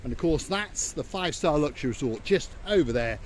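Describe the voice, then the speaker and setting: An Englishman hosts a playful outdoor travel vlog at a seaside resort, rambling and joking in lively tour-guide patter. His voice is on the high side and a little fast, with a bit of hiss or hum in the audio.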